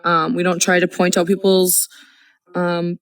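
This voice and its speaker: A woman in her thirties co-hosting a casual podcast, chiming in with quick remarks. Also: lowish voice, monotone, no echo. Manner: chimes in with quick remarks and laughs along. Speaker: podcast co-host. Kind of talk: casual chat.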